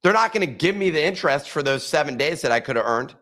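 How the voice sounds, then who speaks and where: A man's voice: a little high, expressive, fast talker, bright, forceful tone. A man co-hosting a casual podcast, venting in an exasperated way as he tells a story. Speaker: podcast co-host.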